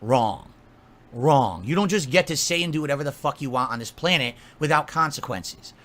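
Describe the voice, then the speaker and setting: A man's voice: on the high side, quick pace, bright, forceful tone. A man delivering an angry, profane rant, scolding and mocking someone at length. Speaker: streamer.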